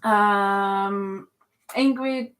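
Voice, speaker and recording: A woman's voice: medium pitch, fairly even intonation, drawn-out words, fairly bright tone. A woman hosting a casual live stream, reading out viewers' comments and answering them in a teasing, chatty way.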